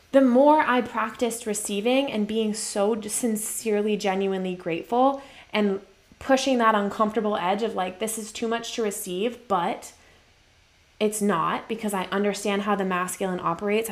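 An earnest woman coaching viewers on relationships in a live-stream talk. She presses her points home with emphatic repetition, in a voice of middling pitch for a woman. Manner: earnest, emphatic, repeats key phrases.

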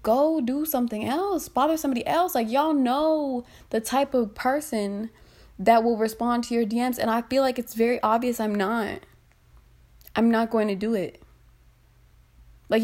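A woman's voice: fairly high pitch, a little mellow. A woman podcast host ranting casually and bluntly into her phone, swearing and exasperated.

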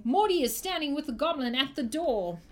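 Young woman, game master, fairly high voice, teasing narration. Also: expressive, fairly quick, slight background noise.

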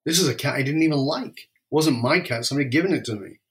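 Male storyteller, candid and reflective, mid-range pitch. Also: fast talker. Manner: emotional, reflective, varies pace widely. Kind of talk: personal storytelling.

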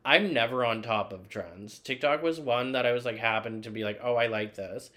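A man's voice: medium pitch, normal speed, sharp tone. A man hosting his own podcast, talking in a rambling, profane, self-deprecating solo monologue full of filler words. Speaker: podcast host.

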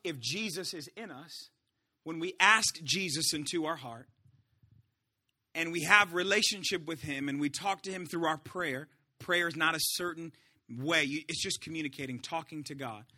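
Pastor guy preaching, high voice, super bright and sharp, swings loud to hushed. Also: normal speed. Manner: animated preaching, swinging between shouts and hushed asides. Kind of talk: sermon.

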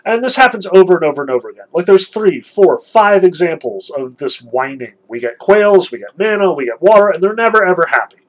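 A man giving a casual lecture, chatty and animated, with self-deprecating asides. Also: fairly high pitch, a little fast, hardly any pauses, low-quality recording.

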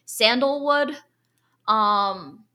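Bright-voiced chatty young woman. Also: fairly high pitch, extremely slow. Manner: chatty, enthusiastic, many fillers. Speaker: podcast co-host. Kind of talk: casual chat about perfume.

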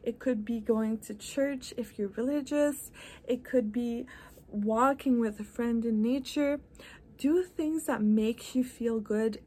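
A woman's voice: a little high, warm tone. A woman wellness coach hosting a podcast, giving an earnest, encouraging motivational talk.

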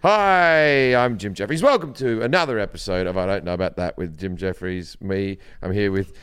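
A man's voice: on the low side, normal speed, a bit bright, smooth. A man with an Australian accent hosting a podcast, chatting and joking in a rambling, bantering way. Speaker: podcast host. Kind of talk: casual comedic chat.

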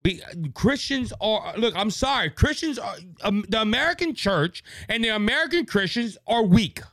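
A man's voice: high voice, animated, normal speed, pushed and bright, no room sound, clean studio sound. A man from Louisiana hosting his own podcast, speaking into a microphone in a fervent, preachy way and repeating words when worked up. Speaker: podcast host. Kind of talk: impassioned political podcast monologue. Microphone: studio microphone.

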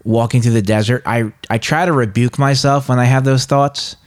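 A man's voice: medium pitch, fairly even intonation, fairly quick. A man co-hosting a casual Bible discussion podcast, talking in an earnest, confessional way. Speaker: podcast co-host.

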